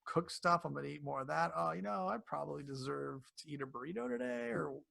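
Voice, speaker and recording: Man, gravelly voice, somewhat high pitch, casual interview guest, animated storyteller. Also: fast. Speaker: cancer coach guest.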